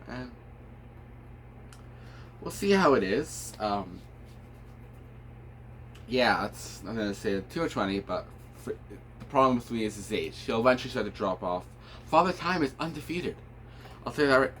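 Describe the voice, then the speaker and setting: A man's voice: on the low side, fairly bright tone, slight background noise. A man giving casual, unscripted hockey opinions, rambling with many fillers and restarts, sounding tired. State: tired, yawning. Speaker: hockey commentator.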